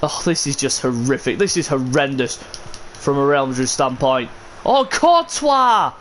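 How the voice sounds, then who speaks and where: A man's voice: mid-range voice, fairly even intonation, normal speed, a little hiss or hum. Exasperated man commentating a game. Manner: frustrated, exasperated, bursts into shouts. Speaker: streamer commentating his own game.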